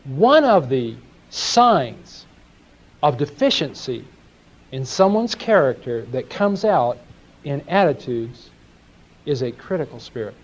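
A man's voice: medium pitch, big pitch swings, slow, pauses often. A man teaching a sermon, telling folksy stories and asking his audience questions. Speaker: Bible teacher. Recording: dull lo-fi live recording.

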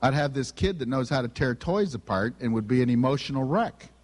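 A middle-aged man speaking on family and spiritual gifts fills his sermon with humorous personal stories, acting out his family's dialogue. His medium-pitched, darkish voice is brisk, and a large hall's long reverb surrounds it.

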